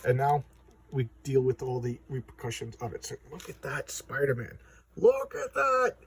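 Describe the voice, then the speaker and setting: At a moderate pace, a man with a medium-pitched, slightly mellow voice and flat delivery chats casually about comics as a reviewer. He rambles enthusiastically with many fillers and restarts; a distant mic catches slight background noise.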